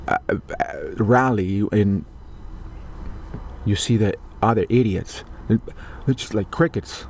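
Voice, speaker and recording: A man from Mexico rants about politics in an indignant, sarcastic way and swears freely. His voice sits in a middling pitch with a dark, mellow tone. A faint hiss of background noise runs under his talk. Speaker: political commentator. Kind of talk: heated political rant.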